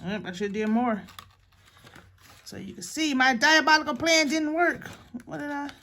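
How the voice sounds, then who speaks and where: A woman's voice: sits high, moderate pace, pushed and bright, a little hiss or hum. A woman hosting a casual papercraft tutorial, chatting and joking with her viewers as she works. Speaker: papercraft video host.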